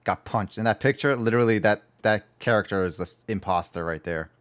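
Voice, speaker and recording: A man's voice: on the low side, a little fast, fairly bright tone. A man streaming a video game, chatting casually and rambling, often repeating his words. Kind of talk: casual gaming livestream chat.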